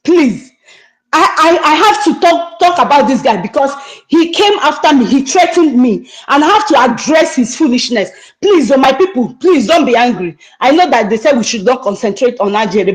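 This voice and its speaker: A woman's voice: high-pitched, lively intonation, moderate pace, rough recording. A middle-aged woman with a Nigerian accent, angrily scolding someone during a livestream and repeating herself. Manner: angry, scolding, repetitive. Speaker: online activist speaker. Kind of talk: heated livestream rant.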